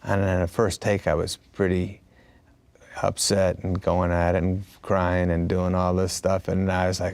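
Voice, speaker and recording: A man's voice: deep voice, completely flat delivery, moderate pace, a little mellow, clean tone, no room sound. A man chatting casually as an actor, telling stories in a rambling way with many restarts and quoted dialogue. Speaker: actor in a conversation. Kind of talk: casual conversation.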